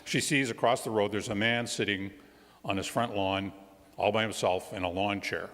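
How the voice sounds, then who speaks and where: A man who is a guest minister, telling a children's story during a church service in an animated storytelling manner with friendly asides. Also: fairly low pitch, normal speed, a little hiss or hum. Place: church sanctuary. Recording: long church reverb.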